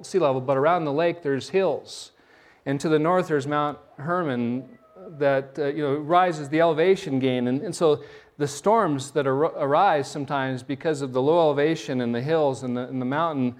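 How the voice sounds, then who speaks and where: Preaching a sermon, a middle-aged male pastor tells stories animatedly, often restarting and repeating words. His voice sits a little high.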